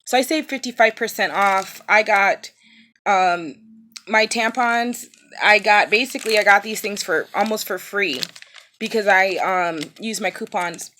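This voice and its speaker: A woman's voice: medium pitch, measured pace, sharp tone, slight background noise. A woman in her thirties, in pain after recent surgery, telling an upsetting story in a casual vlog, with many fillers and restarts. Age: 30s. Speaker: vlogger.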